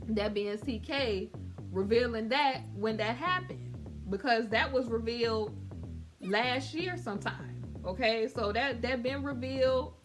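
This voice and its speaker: A sassy woman host gives casual celebrity commentary. She talks to her viewers as honey and boo, loose and conversational. Beat music plays clearly underneath her voice. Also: fairly high pitch, lively intonation, slow.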